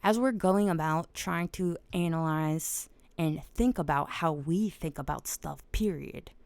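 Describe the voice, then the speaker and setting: Woman host, low-pitched, casual explainer, dry close recording at home. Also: no echo. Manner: animated, swearing and loud when excited. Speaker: podcast host. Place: at home at night.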